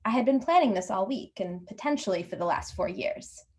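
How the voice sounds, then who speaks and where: A woman reading her own humorous personal essay aloud at a workshop, wry and lively, voicing the people in it. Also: medium pitch, brisk. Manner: wry, lively storytelling with put-on voices for dialogue. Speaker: workshop reader.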